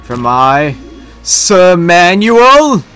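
A man's voice: high-pitched, very animated, drawn-out words, bright, forceful tone, smooth, soft background music, pitched above the performer's own voice, heavily acted. A man voicing a pompous male knight tutor in a video game, lecturing in a lofty, self-important way.

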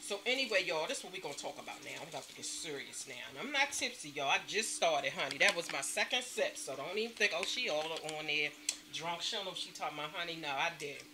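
A woman vlogging from home late at night, chatting to her viewers and calling them honey and y'all at every turn, with loud emphatic stresses. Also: low voice, animated, quick pace, few pauses, noisy background. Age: adult mother. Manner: emphatic, stresses words with bursts of loudness. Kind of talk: casual chat to camera.

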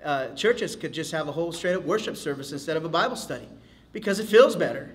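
A man leading a men's Bible study in an animated, casual way, acting out quotes as he teaches. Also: fairly high pitch, quick pace. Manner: animated, casual, acts out quotes, many fillers.

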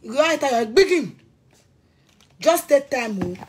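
Nigerian woman, high voice, furious repetitive rant, faint background noise. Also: sing-song, measured pace. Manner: heated, threatening, repeats herself. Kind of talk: angry rant to camera.

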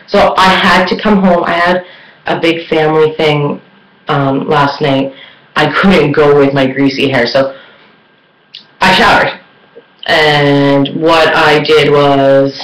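A woman chatting casually in a beauty vlog, rambling with lots of fillers. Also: low voice. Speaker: beauty vlogger. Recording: echoey room.

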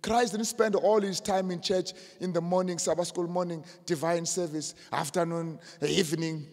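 A man preaching a sermon as pastor, swinging from quiet asides to shouted emphasis. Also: high-pitched, steady tone, moderate pace. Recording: long hall reverb.

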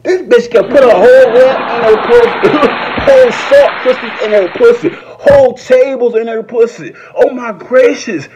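A man doing a profane, rambling comedy rant that jumps into high, shouted quotes. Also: normal speed, few pauses, background noise. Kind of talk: stand-up style comedy rant.

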